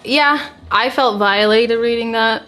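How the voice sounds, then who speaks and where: A young woman from the United States streams live, reading out viewer requests with blunt exasperation. Her voice sits a little high. Soft music plays faintly underneath. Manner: blunt and exasperated, quick to deny.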